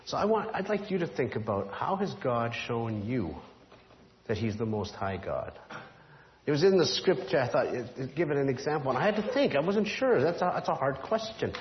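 A man preaching a sermon, retelling a story in an animated, conversational way. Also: medium pitch, moderate pace, slight background noise. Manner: animated, drops to a hushed voice for the whisper. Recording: dull roomy hall sound.

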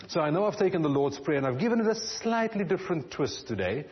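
A man preaching a sermon as a pastor, earnest, his phrases often trailing off softly at the ends. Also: a little high, sing-song, quick pace, lo-fi sound.

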